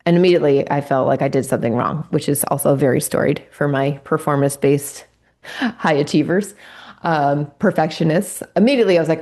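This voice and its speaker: A woman's voice: sits low, steady tone, normal speed, a little mellow. A woman hosting her own faith-based podcast, speaking in an earnest, confiding way with many restarts. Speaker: podcast host; Christian trauma-informed coach.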